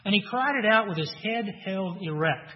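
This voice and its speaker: A man preaching a sermon earnestly, rising loud for emphasis and dropping soft for weight. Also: sits high, animated, moderate pace. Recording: dull sound with long hall reverb.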